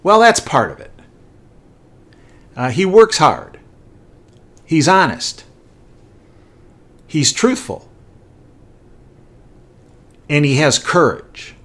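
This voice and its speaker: A man's voice: a little high, very animated, extremely slow, pauses often, fairly bright tone, pitched above the performer's own voice, full character voice. A man voicing a blunt older city mayor who lectures a boy in an emphatic way, acted out while telling a story. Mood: lecturing.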